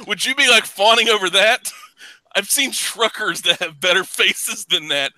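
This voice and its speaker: Man, podcast host, profane rants, loud laughter, sharp bright tone, dry close sound. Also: high voice, measured pace, dry recording, low-quality recording. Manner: ranting, profane, laughs loudly. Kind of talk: casual profane chat.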